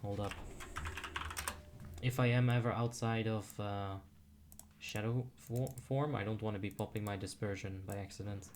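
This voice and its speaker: A man's voice: lowish voice, fairly even intonation, moderate pace, a little mellow, slight background noise. A young man giving casual commentary while playing a game, chatty and self-deprecating, muttering asides to himself. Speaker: streamer.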